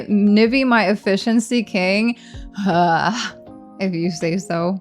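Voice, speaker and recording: A woman streamer chatting casually with her viewers, animated and teasing, laughing often, while she eats. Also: medium pitch, slow pace, soft background music. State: hungry, eating during stream. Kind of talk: casual live-stream chat.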